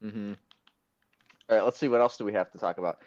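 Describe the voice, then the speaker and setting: A man's voice: lowish voice, fast talker, darkish tone, no room sound. A teenage boy hosting a casual podcast over a phone call, rambling with restarts and laughing easily. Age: teens. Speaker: podcast host. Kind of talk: casual chat.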